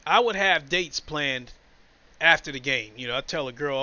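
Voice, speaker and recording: A man's voice: mid-range voice, animated, fairly quick, pushed and bright, lo-fi sound. A man ranting about his team in a casual, blunt and profane way, mixing game analysis with emotional stories. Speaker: sports commentator. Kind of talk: casual sports rant.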